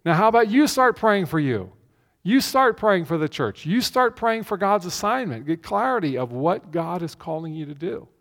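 A man's voice: high-pitched, sing-song, moderate pace, fairly bright tone. A male pastor giving a conversational sermon, repeating key phrases for emphasis, in a church. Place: church with a screen behind him. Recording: long reverb of a large hall.

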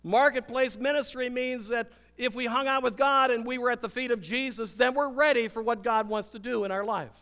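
An older male pastor preaches with a high voice that rings out into a reverberant church hall. He swings between loud, emphatic declarations and hushed, intimate passages. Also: a little fast, few pauses. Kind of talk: sermon. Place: church sanctuary.

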